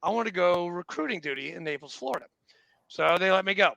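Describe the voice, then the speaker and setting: A man's voice: high-pitched, lively intonation, fast, gravelly, sharp tone, dry recording, low-quality recording. A man in his forties, a Marine veteran and podcast guest, telling laid-back, profane stories in casual chat. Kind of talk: casual war-story chat.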